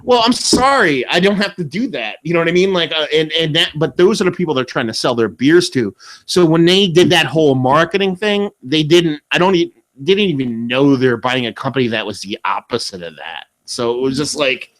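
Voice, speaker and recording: A man's voice: a little high, a little fast. A young man with a slightly raised voice co-hosts a casual beer podcast. He rambles and curses as he tells stories, and his voice jumps up whenever he acts out other people. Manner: rambling, profane, animated storytelling. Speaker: podcast co-host. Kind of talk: casual chat.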